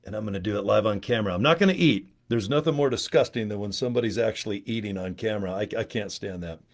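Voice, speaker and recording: A man's voice: on the low side, quick pace. A man, a network marketing trainer, chatting casually and going off on jokey tangents during a live stream. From United States. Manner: chatty, digressive, joking. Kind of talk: rambling casual livestream. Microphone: webcam or phone on a live stream.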